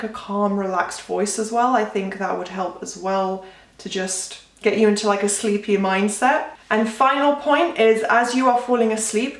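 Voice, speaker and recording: A woman's voice: medium pitch, distant mic. Chatty young woman, roomy echo. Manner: chatty, frequent "like" fillers. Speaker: manifestation coach. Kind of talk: casual advice vlog. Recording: roomy echo, voice set back from mic.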